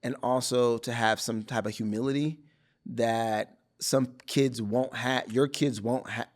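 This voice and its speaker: A man who acts and produces, a guest in a casual conversation, speaking in a relaxed, thoughtful, affirming way. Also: medium pitch, measured pace. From United States.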